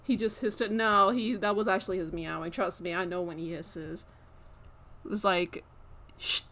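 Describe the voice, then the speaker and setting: A young woman streaming live, chatting casually and rambling with lots of fillers, breaking off to scold her pet with sharp repeated commands. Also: fairly low pitch, steady tone, moderate pace.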